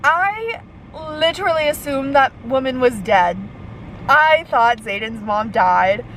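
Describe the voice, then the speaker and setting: A young woman vlogging casually about her reading, gushing and excited, sometimes dropping to a whisper. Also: high-pitched, slow pace, a little hiss or hum, low-quality recording. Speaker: book vlogger. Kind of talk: casual reading vlog chat.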